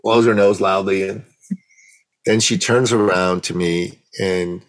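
A middle-aged man, a guest on an interview, telling a personal story with animated, emotional delivery and acting out the dialogue. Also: sits low, measured pace, poor audio. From Iran.

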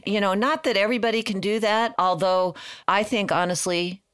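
A woman's voice: mid-range voice, moderate pace, clear, resonant tone, no room sound, clean studio sound. A woman in her sixties, a portrait photographer, telling her story candidly in a casual interview and laughing often. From California. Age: 60s.

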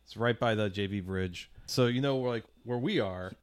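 A man's voice: on the low side, normal speed, smooth, no echo. A man co-hosting a podcast, telling a casual, profane story and acting out the quotes. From St. Louis area, USA. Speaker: podcast co-host. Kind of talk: casual chat.

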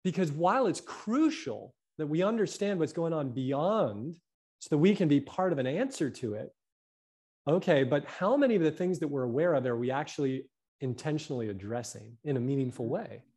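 A man talking about health as a guest, animated and fond of tagging his points with "right?". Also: on the high side, normal speed, slightly rough. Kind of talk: casual conversation.

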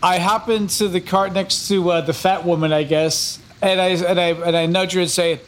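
A man playing in a tabletop game, speaking hesitantly and halting over his words. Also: high-pitched, fairly even intonation. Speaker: player.

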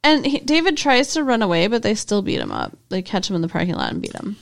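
A woman's voice: mid-range voice, huge pitch swings, fast, creaky. A woman co-hosting a podcast, chatting casually through a TV episode recap and laughing often. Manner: laughs often, questions co-host's takes. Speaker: podcast co-host.

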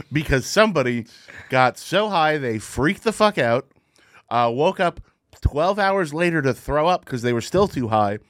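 Guy cohosting a comedy podcast, bouncy up-and-down delivery, slightly high voice, acts out his stories. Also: measured pace, pauses often, dry recording, clean studio sound. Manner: animated storyteller, acts out quotes. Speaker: podcast co-host. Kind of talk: casual comedic chat.

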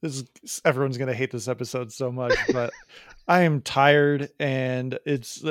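A man's voice: medium pitch, steady tone, measured pace, no echo. Man, podcast co-host, loose joking banter, dry close sound. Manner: rambling, joking. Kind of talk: casual chat.

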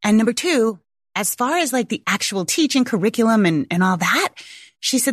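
A woman in her forties speaks candidly to her viewers as a homeschooling mother, her voice close to tears yet breaking into laughs, with casual swearing throughout. Her pitch sits in a middling range, and the recording is dry and close. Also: animated, normal speed, no room sound. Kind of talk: candid personal storytelling to viewers.

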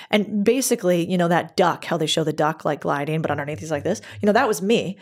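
Candid, lower-pitched woman telling stories. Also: fast, few pauses. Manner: candid, chatty, acts out quoted dialogue. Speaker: podcast guest. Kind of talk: casual interview storytelling.

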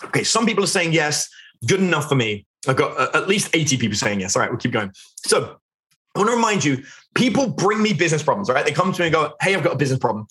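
With a fairly high, fairly bright voice and big swings in pitch, this middle-aged man talks fast while teaching business in a live webinar. He's chatty, says "like" and "right?" constantly, and keeps putting questions to his viewers in the chat.

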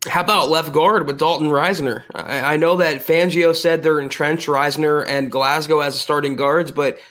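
A man co-hosting a casual sports podcast, a sports writer talking in a measured way with small restarts. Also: fairly high pitch, fairly even intonation, a bit bright.

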